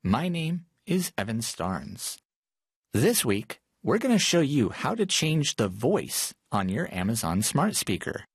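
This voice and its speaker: A man hosting a podcast, giving clear, steady and instructive step-by-step tech narration. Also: medium pitch, slow pace, no room sound, studio quality. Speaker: podcast host. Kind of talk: scripted tech how-to narration.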